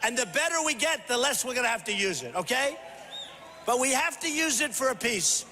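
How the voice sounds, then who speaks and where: An older man giving a punchy, repetitive rally speech to a large crowd, often shouting. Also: extremely high pitch, big pitch swings, fairly quick. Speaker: political candidate at a rally. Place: large convention hall. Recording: echoey hall with faint crowd.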